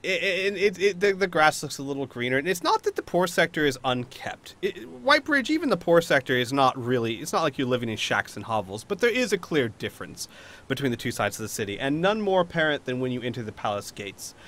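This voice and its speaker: A man's voice: a little high, big pitch swings, quick pace, fairly bright tone. A man narrating a tabletop role-playing game as game master, rambling at times with fillers and restarts.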